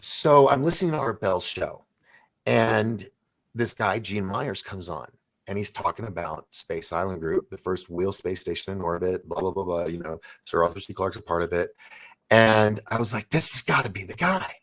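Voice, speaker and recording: A man in his forties hosts a relaxed conversation, his voice sitting very low. He tells long stories in an excitable, rambling way, often restarting his sentences. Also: moderate pace. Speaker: host. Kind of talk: casual storytelling chat.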